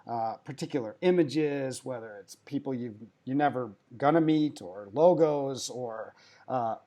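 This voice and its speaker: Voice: medium pitch, unhurried, warm tone. A podcast host asking long, searching questions, with lots of "I guess" and "you know" fillers. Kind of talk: podcast interview.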